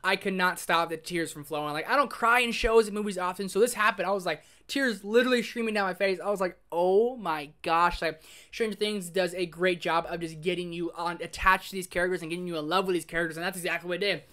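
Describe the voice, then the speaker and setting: A man giving a casual spoiler review of a show. He gushes excitedly, says "like" constantly, and swings from loud exclamations to hushed emotional asides. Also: high-pitched, fast talker, hardly any pauses. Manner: excitable, gushing, heavy use of "like". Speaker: film review host.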